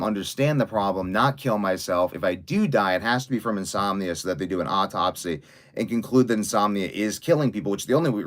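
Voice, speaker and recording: Rambling young man, low voice. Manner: fast, run-on talk with many fillers and restarts. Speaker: vlogger livestreaming while writing. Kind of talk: rambling live-stream monologue.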